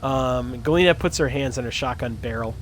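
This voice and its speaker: A man's voice: medium pitch, brisk, faint music behind. A man running and narrating a tabletop game on a livestream, with self-mocking asides. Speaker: game master.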